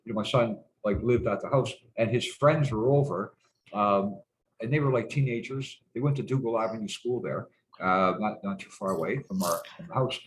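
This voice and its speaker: A man's voice: on the low side, moderate pace, a little hiss or hum, poor audio. Rambling, hesitant man. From Canada. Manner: rambling and hesitant, heavy fillers and restarts, salty swearing. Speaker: guest. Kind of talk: casual reminiscing conversation.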